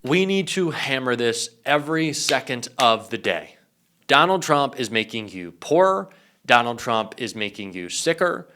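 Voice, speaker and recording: A man's voice: medium pitch, very animated, unhurried, bright, forceful tone. A young man giving emphatic, indignant political commentary.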